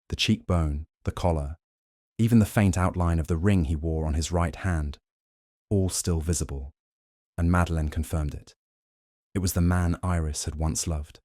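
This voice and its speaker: Poirot, a man voicing a deep, theatrical detective. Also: mellow, dry recording, studio quality. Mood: triumphant. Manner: measured, dramatic accusations with French phrases. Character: shrewd, theatrical male detective, middle-aged, accusing. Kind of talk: audiobook character reading.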